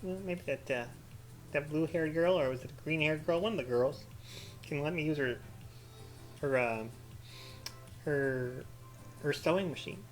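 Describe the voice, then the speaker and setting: A man's voice: fairly high pitch, unhurried, long pauses, faint music behind. A man giving rambling, profane let's-play commentary, full of crude jokes and sarcastic mock rants. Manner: mock-ranting with sarcastic asides. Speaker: gaming commentator.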